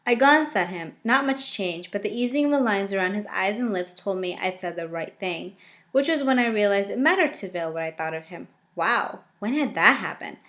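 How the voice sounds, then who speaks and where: A woman reading a first-person novel aloud, often breaking off to react with lively, joking asides. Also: medium pitch, a little fast.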